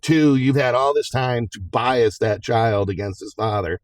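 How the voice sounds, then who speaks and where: A man's voice: mid-range voice, steady tone, a little slow, no echo, voice pushed up, close to an everyday voice. A man telling a story while putting on the voice of a stern, no-nonsense woman judge who scolds firmly and emphatically. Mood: stern scolding.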